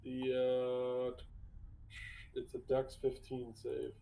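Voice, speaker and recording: Male player, gravelly voice, playful and upbeat. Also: mid-range voice, monotone, drawn-out words, warm tone. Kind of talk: casual chat.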